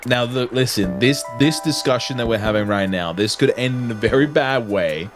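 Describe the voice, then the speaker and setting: A young man livestreaming, ranting casually to his chat in an animated, heavily profane, slangy way. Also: mid-range voice, normal speed. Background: music.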